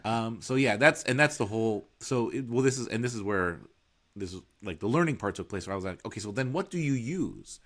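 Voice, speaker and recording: Lively storytelling man with a low voice. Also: a little fast. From Puerto Rico. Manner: animated storyteller, laughs often, acts out dialogue. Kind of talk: casual storytelling chat.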